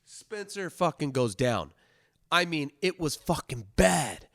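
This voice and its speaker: A man hosting a podcast, telling a story in a loose, heavily swearing way, swinging from loud bursts to hushed asides. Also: on the high side, sing-song, slow, creaky, no echo, studio quality. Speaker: podcast host telling stories. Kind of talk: casual storytelling monologue.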